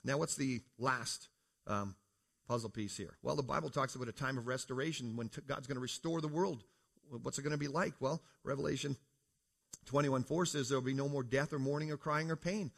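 Speaking fairly quickly in a creaky, mid-range voice, a man from Canada addresses a church congregation on creation apologetics. His style is casual and chatty; he quizzes listeners and addresses them as "folks".

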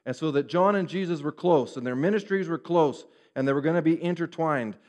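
A man preaching a sermon, animated and acting out the voices of the people he quotes. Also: a little high, fairly quick. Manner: animated, acts out quoted speech. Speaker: pastor. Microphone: referring to a screen, preaching to a congregation.

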